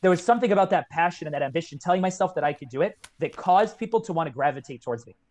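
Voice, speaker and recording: Fast-talking young man, earnest and heartfelt. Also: a little high, lively intonation, a little mellow. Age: 20s. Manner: earnest, heartfelt storytelling, many "like" fillers. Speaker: guest, kettlebell coach. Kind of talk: casual podcast conversation.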